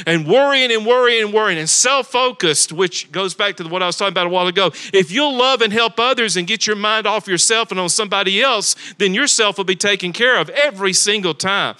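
A male pastor preaching with a high, bright and forceful voice. He talks emphatically, repeats words for weight and keeps asking his congregation rhetorical questions. It sounds like a church service. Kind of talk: sermon. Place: church sanctuary.

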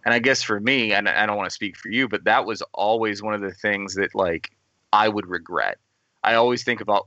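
A man's voice: lowish voice, steady tone, brisk, vocal fry, sharp tone, no echo, muffled recording. A man co-hosting a podcast in casual chat, speaking in a thoughtful, reflective, easygoing way. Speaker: podcast co-host.

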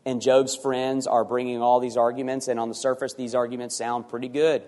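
A man preaching a sermon as pastor, animated and sometimes acting out voices for emphasis. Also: medium pitch, fairly quick, long reverb tail.

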